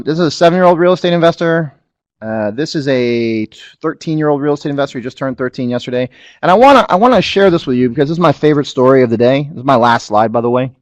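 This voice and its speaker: A middle-aged man presents a business opportunity over a webinar, mixing personal stories with pitches. He keeps checking in with listeners and leans on repetition. His voice sits at an average pitch, recorded close with no room sound. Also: no room sound. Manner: animated storyteller, asks the audience to agree.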